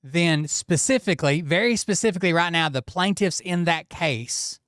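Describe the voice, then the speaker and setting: A man hosts a casual commentary show in a clear, smooth voice pitched a little high. He talks bluntly, with sarcasm and swearing. The recording is dry and close to the mic. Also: moderate pace, fairly bright tone, no room sound. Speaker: commentary channel host.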